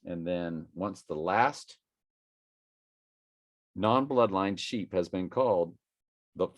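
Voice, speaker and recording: A man's voice: low-pitched, a little mellow, dry recording. A middle-aged man, rambling through a prophecy monologue as an online preacher and jumping between numbers and scripture.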